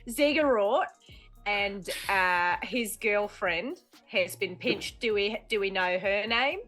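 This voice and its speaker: A woman's voice: mid-range voice, slow, pushed and bright. A woman playing her character in a tabletop game, casual and rambling with jokes. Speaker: player. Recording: faint music behind.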